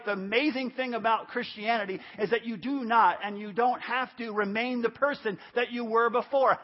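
Male pastor, 50s, high voice, emphatic repetitive preaching, dull lo-fi church recording. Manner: emphatic, repeats phrases for stress. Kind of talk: sermon. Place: church service.

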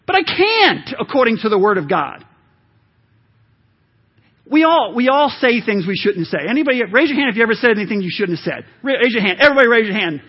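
Pastor, male, high and husky voice, emphatic and chatty sermon delivery, muffled church recording. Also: lively intonation, a little fast. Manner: conversational, emphatic preaching with asides to the congregation. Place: church sanctuary. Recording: dull lo-fi sermon audio.

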